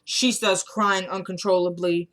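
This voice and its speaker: A woman casually recapping a TV episode for her viewers, retelling scenes with quick asides to the audience. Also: on the low side, fairly even intonation, fairly bright tone.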